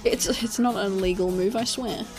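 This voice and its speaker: A woman's voice: mid-range voice, brisk. A woman streaming games, reacting with lots of swearing and laughter in casual commentary. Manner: excitable, swears and laughs a lot. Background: game music.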